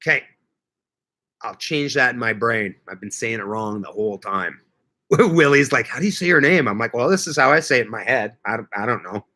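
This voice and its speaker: A man chats loosely with his viewers on a livestream, his voice bright and forward. He rambles from topic to topic and jokes along the way. His pitch sits in an ordinary middle range. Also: animated, a little fast. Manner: rambling, joking, reads viewer comments aloud. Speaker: livestream host. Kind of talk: casual live chat with viewers.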